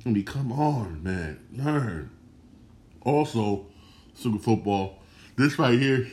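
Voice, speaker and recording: On his solo sports podcast, this host speaks in an animated, mid-range voice with a darkish tone, going slowly. He's slangy and emphatic, repeating himself and restarting phrases as he goes.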